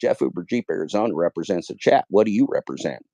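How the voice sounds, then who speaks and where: Livestream host, man in his fifties, very deep voice, dry close sound, rambling and profane, repeats himself. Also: animated, fast, vocal fry, dry recording. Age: 50s. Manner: rambling, profane, repeats phrases, swings loud and high when worked up. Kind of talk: casual livestream monologue.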